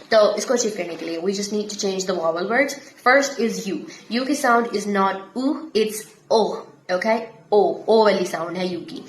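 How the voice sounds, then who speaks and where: Woman teaching vowels in an echoey room. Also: medium pitch. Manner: repeats example words, drilling each vowel with a quick "okay?". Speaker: English pronunciation teacher. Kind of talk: casual social-media lesson. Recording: echoey room with faint background hiss.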